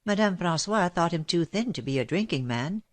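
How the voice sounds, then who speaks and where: A woman narrating a classic novel as an audiobook in a steady, measured reading. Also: lowish voice. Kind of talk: scripted narration.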